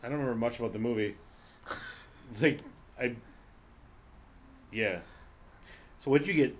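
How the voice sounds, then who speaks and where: A man's voice: medium pitch, a little slow. Guy rambling about movies on a podcast, lots of "like" and "um", faint hiss behind him. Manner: rambling, heavy on fillers. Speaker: podcast co-host. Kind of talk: casual chat.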